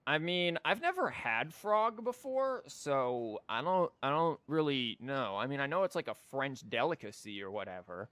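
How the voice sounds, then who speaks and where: A man's voice: mid-range voice, sing-song, normal speed, few pauses, fairly bright tone, no room sound. Rambling, joking male game streamer. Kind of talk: casual gameplay commentary.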